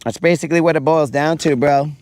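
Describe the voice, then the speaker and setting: Slangy animated man. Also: fast talker, smooth. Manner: animated storyteller, slangy, acts out quotes in a higher voice. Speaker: fishing livestream host. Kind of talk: casual chat with viewers.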